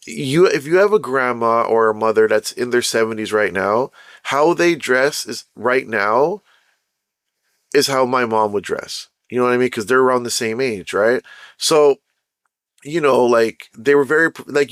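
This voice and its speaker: A young man tells a personal story on his podcast in a relaxed, meandering way, circling back on his thoughts with "you know" and "like". His voice sits at an ordinary middle pitch. The recording is close and dry, with no room sound. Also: no room sound. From Canada. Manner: rambling, many fillers and restarts. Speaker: podcast host. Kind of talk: casual storytelling monologue.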